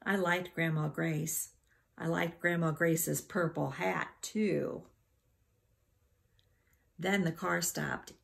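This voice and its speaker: A woman reads a children's chapter book aloud, taking her time over every sentence. Her low voice has a heavy gravelly fry, and her pace is very slow and deliberate. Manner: unhurried, expressive reading. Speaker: teacher reading aloud. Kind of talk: storybook read-aloud.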